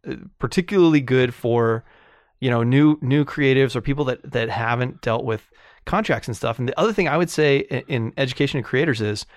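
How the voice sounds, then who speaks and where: A man's voice: mid-range voice, no echo. Male co-host, earnest and plain-spoken, dry recording. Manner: earnest, explaining, with restarts. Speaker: podcast co-host. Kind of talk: casual chat.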